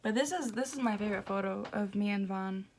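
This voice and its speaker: A young woman vlogger, casually telling a story to camera in a gushing, excitable way, laughing and breaking off mid-sentence. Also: medium pitch, fast, a little hiss or hum.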